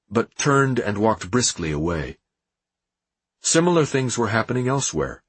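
A man narrating an audiobook in a steady, measured reading with a husky voice. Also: lowish voice, no room sound.

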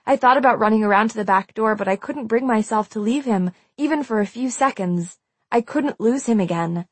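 Brief: female audiobook narrator, mid-pitched, tense and emotional delivery, dry close studio sound. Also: dry recording. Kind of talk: first-person audiobook narration.

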